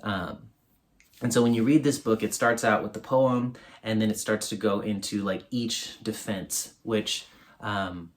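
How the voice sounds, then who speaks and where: A man's voice: lowish voice, steady tone, unhurried. A man giving a casual, rambling book review on his video channel, full of fillers.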